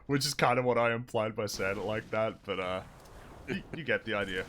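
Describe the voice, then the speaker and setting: A man's voice: mid-range voice, steady tone, brisk, a bit bright, a little hiss or hum. An Australian man streaming a game, chatting in a rambling, hesitant and wry way. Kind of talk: casual chat while gaming.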